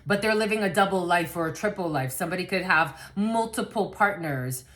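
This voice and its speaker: A woman's voice: fairly low pitch, animated, brisk, fairly bright tone. A woman giving a collective tarot reading to camera, blunt and rambling, swearing freely and laughing often. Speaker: tarot card reader.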